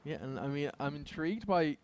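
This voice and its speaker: A man casting a competitive video game match, calling the action with quick excitable commentary and self-deprecating jokes. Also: a little high, background noise. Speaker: esports caster. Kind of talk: esports play-by-play commentary.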